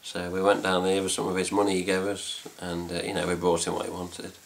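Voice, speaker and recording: This fan site vlogger, an Englishman with a deep, gravelly voice, chats at home a little quickly over slight background noise. His story wanders along with plenty of fillers and some mild cursing, loose and vlog-like.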